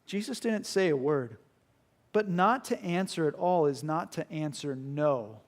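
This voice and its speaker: A man preaching a sermon with passion, swinging between loud appeals and hushed asides and acting out quoted voices. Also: on the high side.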